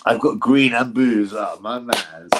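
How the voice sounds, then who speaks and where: A man's voice: fairly low pitch, a little slow, very noisy. A man hosting a casual livestream, talking in a rambling, mocking and jokey way. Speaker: livestream host.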